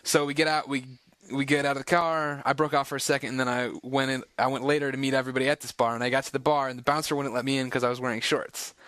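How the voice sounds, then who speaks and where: A young man, a podcast co-host, recounting a night out in quick, rambling casual chat. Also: mid-range voice, flat delivery, fairly bright tone, clear, resonant tone, no room sound. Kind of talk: casual storytelling.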